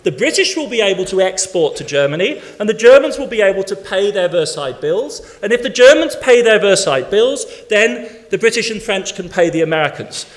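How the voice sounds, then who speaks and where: A man giving a keynote academic lecture to an audience in a conference hall. He speaks emphatically, building his points in rhythmic lists. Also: high-pitched.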